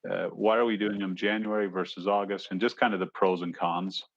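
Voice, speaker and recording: A man's voice: sits low, level tone, brisk, no echo, highs cut off. A man on an advisory council asking an official questions at a public meeting in an earnest, conversational way.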